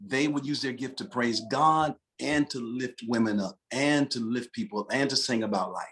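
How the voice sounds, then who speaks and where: A man's voice: mid-range voice, normal speed. A man from Detroit, a gospel singer and pastor, telling stories in a casual podcast chat and saying "man" a lot. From Detroit, USA. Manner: animated storyteller, peppers speech with "man". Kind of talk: casual conversation.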